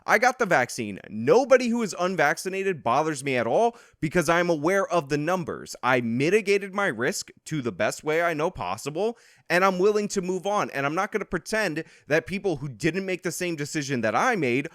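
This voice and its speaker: A man's voice: on the high side, big pitch swings, moderate pace, a bit bright, no room sound, clean studio sound. A man hosting reaction commentary, combative and sarcastic as he lectures. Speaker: political commentary host.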